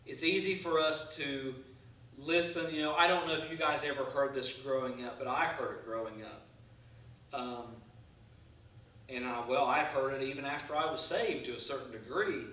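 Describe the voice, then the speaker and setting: A man pastor preaching a sermon in a church, earnest and halting, often restarting his phrases. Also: medium pitch, sharp tone. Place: church sanctuary. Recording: echoey church hall, mic far off.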